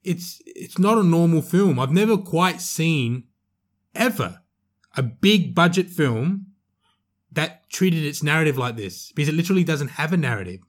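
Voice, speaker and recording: A man's voice: a little high, animated, normal speed. A man co-hosting a casual movie review podcast, chatty and emphatic, often restarting his sentences. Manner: chatty, emphatic, self-correcting. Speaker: podcast co-host.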